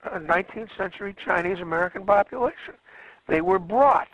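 A man's voice: high voice, creaky, fairly bright tone, no echo, dull audio. A man lecturing a class on history, rambling along and correcting himself with frequent fillers.

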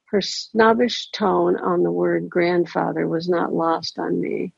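A woman reading a first-person story aloud in a measured, deliberate way. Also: fairly low pitch, level tone, creaky, husky, dry recording. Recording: dry, dull lo-fi recording.

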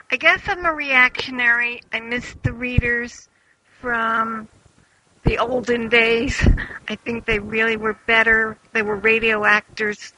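Gravelly opinionated man in a book club. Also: sits high, sharp tone, low-quality recording. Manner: opinionated, nostalgic. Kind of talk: casual group chat.

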